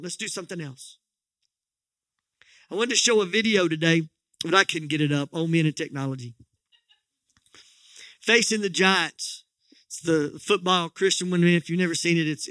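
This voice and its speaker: Man, pastor, folksy joking sermon, high voice, dry close sound. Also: moderate pace, pauses often, bright, forceful tone, no echo. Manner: folksy, joking storyteller with frequent restarts.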